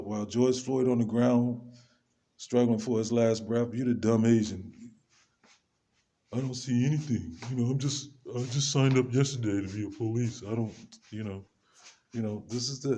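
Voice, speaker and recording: A man's voice: mid-range voice, dark tone. Man ranting loosely in slang. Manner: loose, slangy, talks back to himself. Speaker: vlogger. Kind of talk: rambling casual rant to camera.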